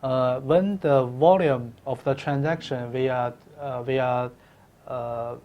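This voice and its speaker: Halting man answering interview questions. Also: medium pitch, steady tone, mellow. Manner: halting, with many fillers and restarts. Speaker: company co-founder guest.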